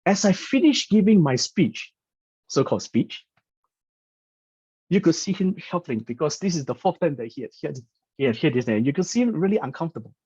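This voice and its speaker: A man with a husky, slightly breathy voice tells a story in a chatty, informal way, tripping over and repeating his words as he goes. The recording is dull and dry, with no room sound. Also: a little high, very animated, fairly quick, darkish tone, no room sound. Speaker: business presenter. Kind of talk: storytelling talk.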